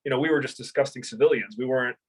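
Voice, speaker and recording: A man's voice: mid-range voice, very fast, breathy edge, poor audio. A man in his thirties, a former Marine and martial arts instructor, telling stories in a casual interview, swearing freely, laughing and rambling with fillers. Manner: rambling with many fillers and restarts.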